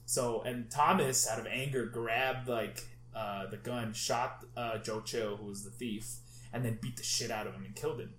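A man retelling a comic storyline in casual chat, rambling and excitable with fillers and swearing. His voice sits at an ordinary middle pitch. The room is echoey, with a faint hum of noise behind. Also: normal speed.

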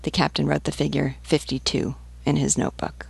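Low-voiced woman reading a novel aloud. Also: vocal fry, husky, no echo. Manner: measured, even narration. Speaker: book reader. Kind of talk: audiobook reading.

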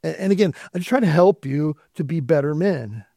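A man's voice: fairly high pitch, expressive, a little fast, warm tone, no room sound, studio quality. A man preaching a sermon in a church, talking directly to the congregation in a conversational way. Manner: conversational preaching with asides and quoted dialogue. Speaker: pastor. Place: church sanctuary.

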